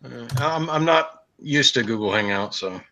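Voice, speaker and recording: A man's voice: mid-range voice, animated, normal speed, pushed and bright. A man from the Southern United States in a casual group chat, jokey and self-mocking.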